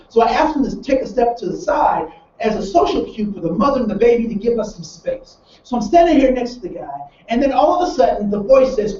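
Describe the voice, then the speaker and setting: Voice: high voice, fairly quick, slight background noise. A workshop trainer lecturing a live group, telling a story with lots of restarts and repeated words, and acting out the people in it. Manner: animated storyteller who acts out the people in the story. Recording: roomy echo from far off, dull and lo-fi.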